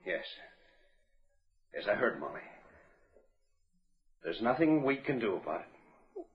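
A man's voice: on the low side, big pitch swings, slow. An actor playing a friendly but secretive middle-aged father whose talk turns terse and guarded, in 1940s radio acting. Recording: dull old radio broadcast.

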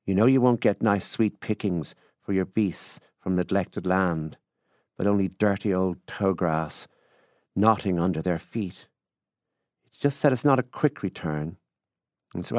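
A man's voice: deep voice, a little slow, no room sound, studio quality. A man voicing a coaxing Irish country farmer. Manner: coaxing, affable, folksy. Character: wheedling middle-aged male country farmer. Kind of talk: literary reading.

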